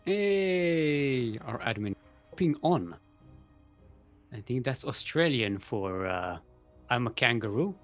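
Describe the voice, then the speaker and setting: A man's voice: fairly low pitch, measured pace, long pauses, faint music behind. A young man casually casting a live game tournament, chatty and rambling, laughing often and a bit out of breath. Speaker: esports caster.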